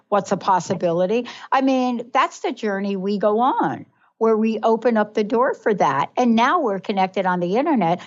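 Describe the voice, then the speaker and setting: Reflective woman radio host, dull audio. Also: on the high side. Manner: reflective, keeps asking "right?". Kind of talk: casual radio chat. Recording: slightly dull lo-fi sound.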